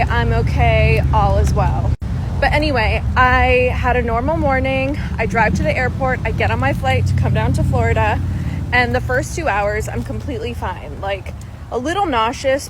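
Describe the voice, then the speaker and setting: A young pregnant woman telling a casual storytime vlog, chatty and expressive, swearing freely. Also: on the high side, heavy background noise. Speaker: vlogger.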